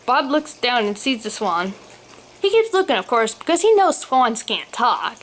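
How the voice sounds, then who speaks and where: A woman's voice: a little high, very animated, normal speed, fairly bright tone. A woman narrating a funny storybook aloud, with the odd slip while reading. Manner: reads aloud, occasional slips. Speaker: story reader.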